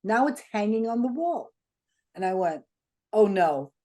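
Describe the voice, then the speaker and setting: An older woman, an interview guest, telling stories in an animated way and acting out the people she quotes. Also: fairly high pitch, normal speed. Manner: animated, acts out quoted dialogue. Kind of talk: anecdotal storytelling.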